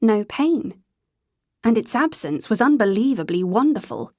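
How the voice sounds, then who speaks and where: A woman with a fairly high voice reads a novel aloud as audiobook narration, in a close, dry sound. She stretches the hazy, dreamlike passages into slow, drawn-out phrases. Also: big pitch swings, darkish tone, no room sound.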